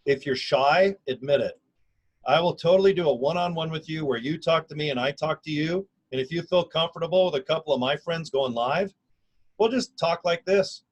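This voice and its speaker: A man in his fifties talks casually and energetically into his own camera, pitching an online business in a folksy, slangy, emphatic way. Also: normal speed, dull audio. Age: 50s. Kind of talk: casual self-recorded video pitch. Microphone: camera or phone mic.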